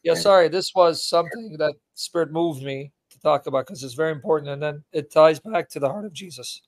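A man's voice: fairly high pitch, fairly quick. A man preaching on a live stream, emphatic and repeating lines for stress, openly emotional. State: emotional, voice catching.

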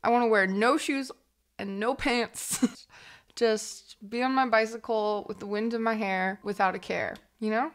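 A woman's voice: a little high, steady tone, normal speed, clean tone. A woman streamer chatting casually on a livestream and laughing often. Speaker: Twitch streamer.

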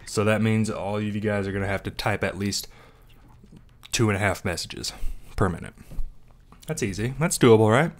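A young man hosting a live game stream, joking loudly and trash-talking with friends over a headset. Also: fairly low pitch, normal speed, pauses often. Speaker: streamer and host. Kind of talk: casual gaming chat on a live stream.

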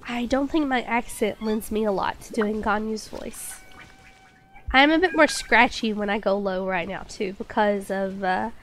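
A woman's voice: medium pitch, measured pace, a bit bright, a little hiss or hum. A woman game streamer chatting casually and reading chat aloud, still getting over a cold with a slight cough and stuffy nose.

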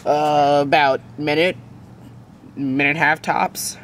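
Girl doing a low cold game master voice, bossy and tired, fan puppet show. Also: fairly even intonation, measured pace, slight background noise. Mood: menacing. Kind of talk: fan-made puppet drama.

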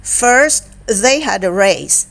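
A woman reading a children's picture book aloud in an expressive storytelling manner. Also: medium pitch, vocal fry. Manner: slow, expressive and animated reading. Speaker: storybook reader.

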